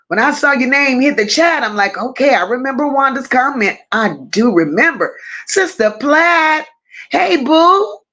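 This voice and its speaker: A woman hosts a relaxed livestream chat, calling out viewers one by one with easy affection. Her voice sits a little high and her delivery is leisurely and drawn out. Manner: affectionate, greets viewers one by one and reads their comments aloud. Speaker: livestream host.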